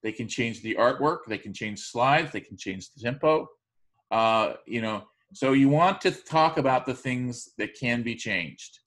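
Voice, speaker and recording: A male college instructor giving a recorded online lecture, speaking in a measured way with frequent fillers and restarts. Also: medium pitch, expressive, fairly bright tone.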